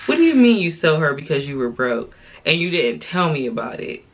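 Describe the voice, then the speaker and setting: Woman, 20s, tipsy storytime vlogger, slangy and exasperated, lowish voice. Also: sing-song, a little fast. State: tipsy from drinking. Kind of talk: casual storytime while doing makeup.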